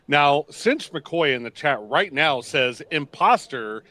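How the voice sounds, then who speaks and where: A man's voice: a little high, sing-song, slow, bright, forceful tone, dry recording. A man working as color commentator on a sim racing broadcast, full of joking, teasing banter.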